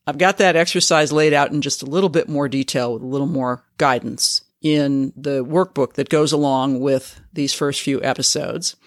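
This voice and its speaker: A man's voice: fairly high pitch, dry recording, clean studio sound. A man hosting a podcast lesson, coaching listeners in an earnest, emphatic way. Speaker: podcast host and advocacy teacher.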